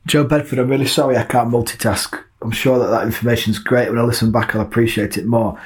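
A man co-hosting a casual football podcast, joking and rambling, with his voice jumping up and down in pitch. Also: steady tone, fast talker. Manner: jokey and rambling, with big pitch swings. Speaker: podcast co-host.

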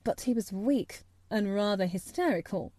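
A woman narrating a classic novel as an audiobook, in calm, measured storytelling close to the mic. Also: medium pitch, dry recording.

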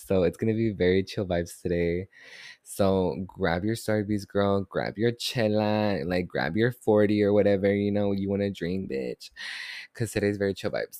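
A man hosting a casual podcast chat, excitable and slangy, cursing freely and hungover. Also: fairly low pitch, no room sound, clean studio sound. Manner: excitable, slangy, swears a lot, mixes in Spanish. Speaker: podcast host. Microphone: podcast microphone.

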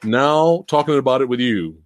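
Animated, foul-mouthed man ranting. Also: mid-range voice, normal speed, no room sound. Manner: animated, profane, ranting with big laughs. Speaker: host. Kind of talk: casual podcast chat.

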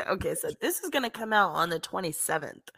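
A woman's voice: on the low side, sing-song, normal speed, creaky, bright, forceful tone, breathy edge, no echo. A young adult woman co-hosting a podcast in casual, giggly, gossipy chat with swearing. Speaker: podcast co-host.

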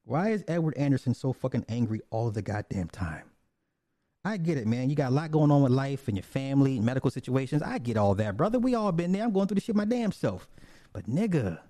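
A man ranting in casual commentary. His voice sits dark and mellow, recorded close and dry with no room sound. He talks bluntly and profanely, repeating himself and restarting lines. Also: a little high, no echo.

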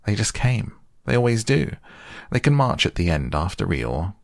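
A man voicing a fussy, busy rabbit who speaks in a brisk, offhand way, in a storybook reading. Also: deep voice, animated, vocal fry, husky, no echo, studio quality, heavily acted.

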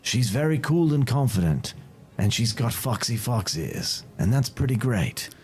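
A man's voice: mid-range voice, very animated, unhurried, a little mellow, slight background noise. A man narrating as game master of a tabletop game, playful and self-mocking. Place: home streaming setup.

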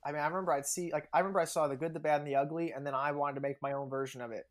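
Young adult guest, casual chatty storyteller, laughs a lot, mid-pitched voice. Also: steady tone, rapid-fire. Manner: chatty, laughs often, many fillers. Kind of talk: casual podcast interview.

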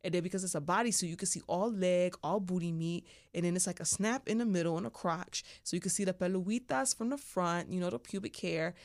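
A woman's voice: lowish voice, fairly quick, hardly any pauses, dry recording, studio quality. A woman hosting a podcast and telling a candid, playful story in casual chat full of slang. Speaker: podcast host.

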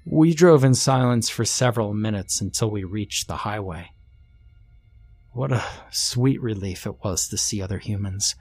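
A man reading a first-person creepypasta horror story aloud in a slow, hushed, somber narration. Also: fairly low pitch, no room sound.

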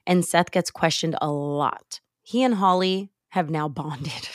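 A young woman hosting a podcast from home, retelling a movie plot in a casual, animated way, with sighs and laughs. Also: low voice, takes it slowly, no echo, studio quality. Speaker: podcast host. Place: home, late at night. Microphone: remote call recording.

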